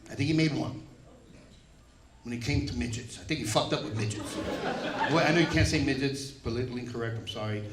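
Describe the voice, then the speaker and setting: A man's voice: mid-range voice, fast talker, pauses often. A middle-aged man with a New York accent doing a stand-up comedy set, delivering brash, profane punchlines. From Puerto Rican, raised in the Bronx, New York. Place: comedy club stage. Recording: echoey live room with crowd noise. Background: audience laughter.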